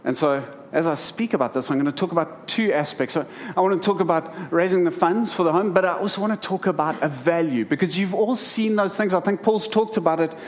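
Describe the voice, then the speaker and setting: A man's voice: a little high, fairly quick, hardly any pauses. A middle-aged man preaching to a congregation, telling humorous stories about family life. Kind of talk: sermon.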